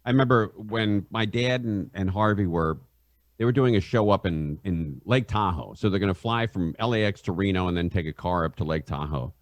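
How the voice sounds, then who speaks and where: A middle-aged man, a radio host and podcast guest, telling rambling stories in a halting way and laughing through them. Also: sits low, no echo. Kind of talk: casual anecdote telling.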